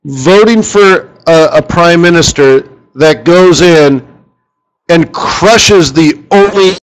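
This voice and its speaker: Hosting a trading seminar, a forex strategist speaks slowly in a slightly high voice, animated and conversational as he jokes with the room and keeps lobbing rhetorical questions at his listeners. The recording is rough.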